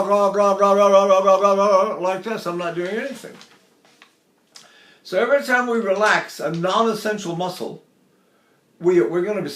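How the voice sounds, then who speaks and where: A man's voice: sits high, fairly bright tone, roomy sound. An older man teaching a singing lesson, explaining technique and breaking into short sung exercises. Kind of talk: singing lesson with vocal demonstrations.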